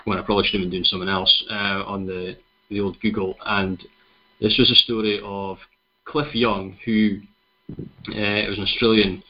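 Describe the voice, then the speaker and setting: Scottish guy hosting a running podcast, laid back and rambly, lower voice, kinda muffled lo-fi sound. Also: normal speed. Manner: relaxed, chatty, many fillers. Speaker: podcast host. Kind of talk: casual chat, storytelling. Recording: dull lo-fi recording.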